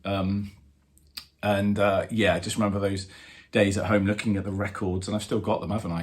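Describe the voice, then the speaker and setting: A man in his fifties, a drummer hosting his own channel, telling a story with animated fan excitement and lots of fillers. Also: fairly low pitch. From England. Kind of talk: casual storytelling to camera.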